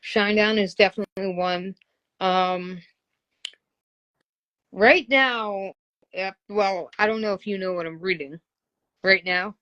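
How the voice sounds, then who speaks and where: A woman's voice: mid-range voice, measured pace, pauses often, a bit bright, highs cut off. Enthusiastic woman hosting a fan interview. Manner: enthusiastic fan, exclaims often. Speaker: interviewer, host. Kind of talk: casual interview chat.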